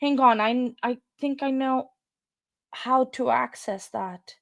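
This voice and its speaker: A woman's voice: high-pitched, slow, gravelly, dry recording, clean studio sound. A woman hosting a true crime channel, out of breath and flustered, rambling to her viewers with nervous laughs. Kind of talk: casual chat to viewers.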